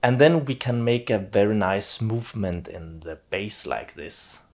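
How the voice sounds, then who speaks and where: A man teaching piano and calmly explaining how voices in chords move, with frequent small fillers. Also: on the low side, a little slow. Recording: talk over loud piano music.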